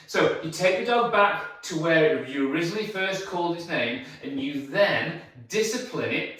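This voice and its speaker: A man's voice: high voice, fairly bright tone. A man who trains dogs, explaining his rules to the camera in an emphatic, repetitive way, and praising the dog in a coaxing sing-song. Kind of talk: instructional talk to camera. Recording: very echoey, distant from the mic.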